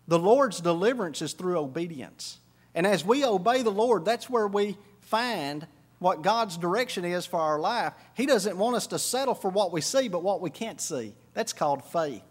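A man preaching a sermon, swinging between quiet reflective stretches and loud, high emphatic bursts. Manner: preaching with sudden rises in pitch and volume. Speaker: pastor.

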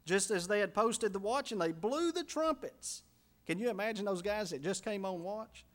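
A man preaching a sermon as pastor, folksy and storytelling, dropping quiet for emphasis. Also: sits high, animated, normal speed.

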